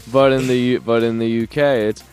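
A man being interviewed as a guest singer on the radio, relaxed, joking and self-deprecating. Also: mid-range voice.

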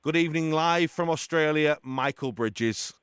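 Smooth-voiced man hosting football radio. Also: on the high side, normal speed, fairly bright tone, no room sound, studio quality. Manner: jokey, laughs often. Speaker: radio football show host. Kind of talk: radio show presenting. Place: radio studio.

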